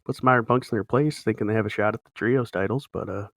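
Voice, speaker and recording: A man's voice: lowish voice, fast, a bit bright, no echo. A man in casual chat on a podcast, running through wrestling results in an easygoing announcer style. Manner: play-by-play announcer delivery, easygoing.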